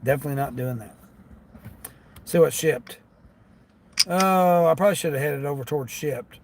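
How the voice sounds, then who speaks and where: A man who drives for delivery apps, talking casually to his viewers from his car and grumbling as he thinks out loud about the orders he gets. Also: a little high, normal speed, noisy background. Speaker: gig delivery driver vlogger. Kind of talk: casual talk while driving. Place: inside a car.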